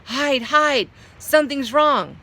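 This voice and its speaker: A woman's voice: medium pitch, extremely slow, pushed and bright. A woman voicing a frightened, spindly little man who speaks in short, broken phrases. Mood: panicked. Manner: clipped, panicky, broken phrasing.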